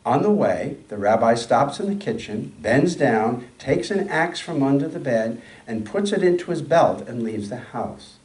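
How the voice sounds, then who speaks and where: A man at a mid pitch tells a story slowly and steadily during a sermon. His voice echoes through a large room and sounds distant from the microphone. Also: lively intonation, a little mellow. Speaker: speaker. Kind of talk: sermon with a read-aloud story.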